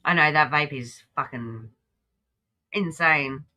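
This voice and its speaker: Bright-voiced Australian woman streamer. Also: deep voice, takes it slowly. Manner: chatty, talks back at the clip. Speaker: livestream host. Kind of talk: casual reaction commentary.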